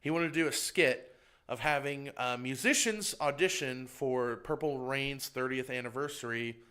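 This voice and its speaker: A man with a Texan accent, a comedian telling an animated story on a podcast and acting out other people's lines. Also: normal speed, clean tone. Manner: animated, acts out other people's lines with big pitch jumps. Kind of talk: casual storytelling chat.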